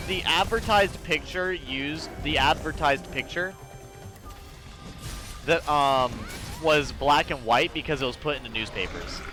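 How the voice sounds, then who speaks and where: A man from Georgia streaming a game, chatting loosely with viewers in a rambling, profane way with sudden excited jumps in pitch. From Georgia, USA. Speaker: gaming streamer. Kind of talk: casual live-stream chat while gaming.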